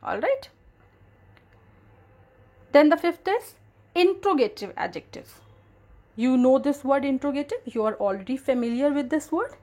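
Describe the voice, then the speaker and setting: A woman teaching a grammar lesson, explaining patiently and repeating key terms. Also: sits high.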